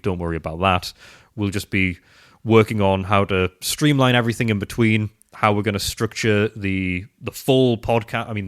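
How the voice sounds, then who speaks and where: A man co-hosting a podcast in casual, self-deprecating chat. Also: on the low side. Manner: chatty, self-deprecating, trails off and restarts. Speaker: podcast co-host.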